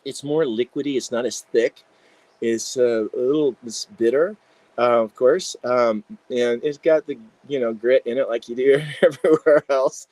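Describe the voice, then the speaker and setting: A man, an integration psychologist, telling animated stories in a casual interview with many fillers. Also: medium pitch, normal speed, no room sound, poor audio.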